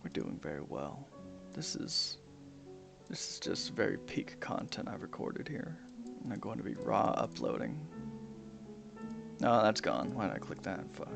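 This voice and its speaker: Young male streamer, low and gravelly, casual mumbled chat over piano music, drops into whispers. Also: very animated, measured pace, pauses often. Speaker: gaming streamer. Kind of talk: casual commentary while playing a game. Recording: music playing behind the voice.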